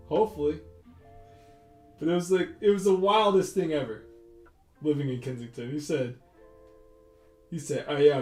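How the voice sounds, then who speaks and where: A man telling a rambling, profane anecdote in casual chat while he draws, full of fillers and retold dialogue. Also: sits high. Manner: profane, rambling, animated retelling with many fillers. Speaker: artist hosting a drawing stream. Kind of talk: casual storytelling while drawing. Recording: roomy echo with faint guitar music.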